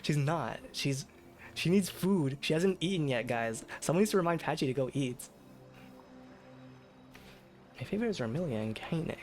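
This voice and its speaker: A man's voice: a little high, lively intonation, brisk, a little mellow, faint music behind. A man streaming late at night, chatting casually in a rambling, self-deprecating way with lots of fillers and restarts. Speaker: VTuber streamer. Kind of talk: casual live-stream chat.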